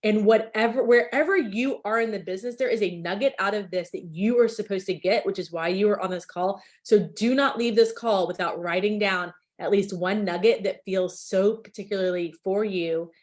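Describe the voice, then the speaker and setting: A woman's voice: medium pitch, normal speed, hardly any pauses, darkish tone. A woman hosting a video call, chatty and enthusiastic, with lots of filler words. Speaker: meeting host.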